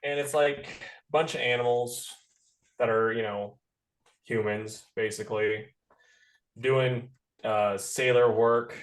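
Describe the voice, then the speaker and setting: A man's voice: medium pitch, fairly even intonation, slow pace. Frank, exasperated male podcast co-host, mid-range voice, roomy echo. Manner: blunt, exasperated, swears casually. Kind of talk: casual comic book review chat.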